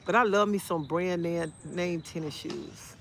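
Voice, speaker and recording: A woman, chatting on a phone live stream outdoors in a park. She talks in an outspoken, animated way and answers viewer comments as she goes. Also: lowish voice, a little slow, creaky, noisy background. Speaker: livestreamer. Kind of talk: casual live-stream chat.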